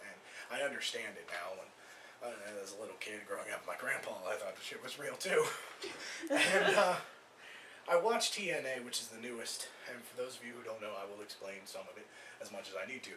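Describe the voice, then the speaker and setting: A man's voice: on the low side, animated, fairly quick, pushed and bright, distant mic, a little hiss or hum. A man performing a stand-up comedy set, rambling loosely, swearing and acting out voices. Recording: echoey room recorded from afar.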